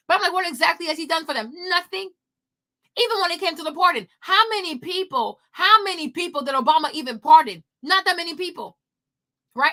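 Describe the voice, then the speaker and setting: Woman ranting into the camera at home, high bright voice, keeps repeating herself, lots of rhetorical questions. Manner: emphatic, repetitive, rhetorical questions. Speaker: commentary vlogger. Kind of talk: opinionated political commentary.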